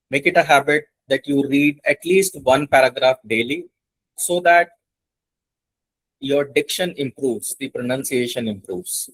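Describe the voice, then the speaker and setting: A man's voice: mid-range voice, fairly bright tone, no echo, low-quality recording. Dry-sounding Indian English man teaching. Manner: instructive, repeats points for emphasis. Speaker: internship instructor. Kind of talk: online class teaching. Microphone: video call.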